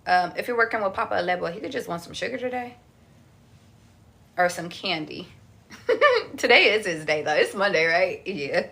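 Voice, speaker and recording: A woman's voice: mid-range voice, very animated, moderate pace, vocal fry, long pauses, fairly bright tone. A young woman giving a casual livestream tarot reading, chatty and slangy, swearing casually. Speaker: tarot reader.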